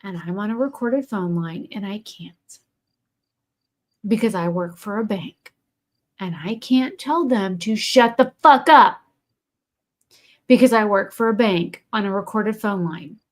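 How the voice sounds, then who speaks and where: A woman's voice: medium pitch, unhurried, long pauses. A woman, chatting casually and bluntly while streaming a game, swearing freely. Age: 40s. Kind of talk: casual gaming stream chat.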